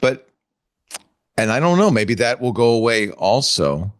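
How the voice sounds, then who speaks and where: An older man hosting a casual tech panel show, animated and laughing often as he thinks aloud. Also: medium pitch, unhurried, clear, resonant tone, no room sound, studio quality. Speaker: host.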